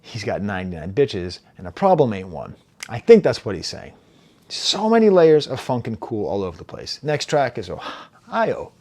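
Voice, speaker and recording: A man in his forties giving a casual, animated album review, reading lyrics aloud and laughing at himself. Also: on the low side, normal speed. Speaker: music reviewer.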